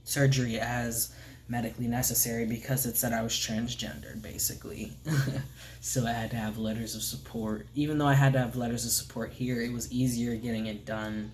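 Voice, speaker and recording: A man giving a casual, candid vlog update, soft-spoken and rambling with many fillers, often trailing off into a near whisper. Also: medium pitch, little pitch movement, moderate pace, slight background noise. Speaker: vlogger.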